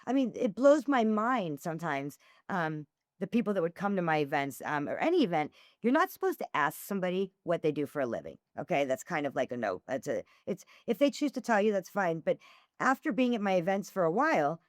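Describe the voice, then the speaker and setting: A woman's voice: fairly low pitch, brisk, no echo, studio quality. A woman guest on a podcast, chatting casually and acting out the dialogue as she tells stories. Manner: animated storyteller who acts out dialogue. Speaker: podcast guest, former swingers event host.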